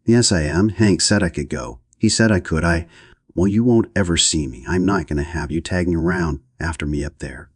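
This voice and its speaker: A man's voice: low-pitched, moderate pace, slightly rough, no echo, clean studio sound. An audiobook reader, a man, voicing a pert and defiant teenage girl. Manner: pert and scornful.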